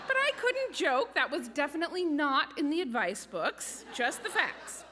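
A woman's voice: high voice, sing-song, moderate pace. A woman telling a comic personal story on stage, with a wry, self-mocking delivery. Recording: reverberant hall with background noise.

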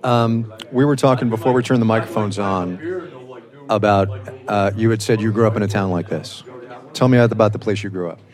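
A man's voice: on the low side, fairly even intonation, a little fast, a little mellow. A middle-aged man hosting a public radio business program, talking in a wry, conversational way while on location in a cafe. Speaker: radio show host.

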